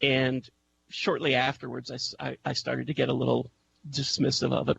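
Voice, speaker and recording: A man's voice: medium pitch, flat delivery, normal speed, gravelly. A man, a guest on a radio show, telling a personal story over an internet call, hesitant with many ums and restarts. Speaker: guest, music intuitive. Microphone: Skype call. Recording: dull lo-fi call line with faint noise.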